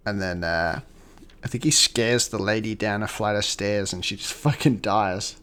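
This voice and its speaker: A man's voice: on the low side, normal speed. A man co-hosting a podcast, casually recapping a film, swearing and acting out the lines. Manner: animated, swearing, acts out lines. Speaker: podcast co-host.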